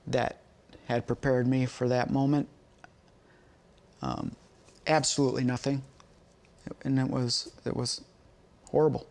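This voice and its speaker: A man's voice: medium pitch, a little mellow. A middle-aged father speaking hesitantly in a documentary interview. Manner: slow, hesitant speech. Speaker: father of the deceased.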